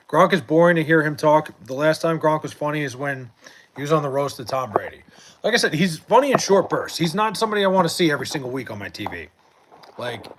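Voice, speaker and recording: Late at night at home, a young man with a voice on the high side hosts a live stream. He reads chat and talks sports casually, rambling and swearing with plenty of restarts and fillers.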